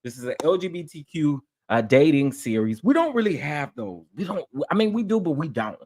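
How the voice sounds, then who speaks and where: Sassy, animated man hosting a live stream. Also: fairly high pitch, fairly quick. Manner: sassy and animated, repeats phrases for emphasis. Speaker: livestream host. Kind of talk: casual live-stream commentary.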